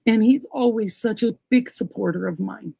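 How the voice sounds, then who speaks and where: Casting: middle-aged woman, streamer host, gravelly and unhurried, sentimental and chatty, dry close mic. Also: medium pitch, warm tone, no echo, poor audio. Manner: gushing, emotional, thanks viewers by name. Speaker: livestream host. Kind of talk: casual livestream chat reading viewer comments.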